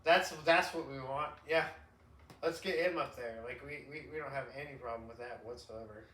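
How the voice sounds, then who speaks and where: Emphatic, bright-voiced man in casual chat. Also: mid-range voice, moderate pace. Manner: emphatic and slangy, rambling. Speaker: podcast host. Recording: echoey room, distant mic.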